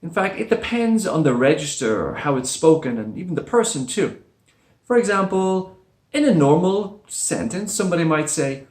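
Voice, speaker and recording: A man teaching English pronunciation, repeating words slowly with exaggerated stress. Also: on the high side, sing-song, a little mellow, echoey room. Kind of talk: slow, careful pronunciation lesson.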